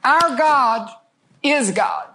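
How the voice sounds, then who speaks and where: Older woman guest preacher, high-pitched, emphatic storyteller with dramatic pauses. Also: wildly swooping pitch, sharp tone, a little hiss or hum. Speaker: guest speaker.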